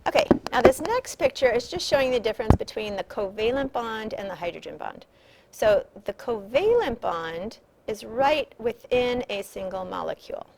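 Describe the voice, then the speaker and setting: A woman's voice: a little high, sing-song, normal speed, gravelly, noisy background. A woman chemistry teacher explaining slides in a recorded lecture, patient and repetitive, stressing key points.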